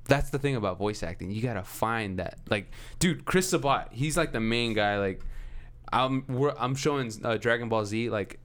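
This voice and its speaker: A man's voice: medium pitch, moderate pace, a bit bright. A man co-hosting a casual podcast chat, rambling and swearing freely, often trailing off mid-thought. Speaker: podcast co-host.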